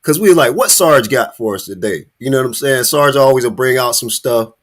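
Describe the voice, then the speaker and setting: A man hosting a casual podcast, commenting on a video with excitement, laughing often and calling out "hey" and "look". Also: medium pitch, brisk. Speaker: podcast host.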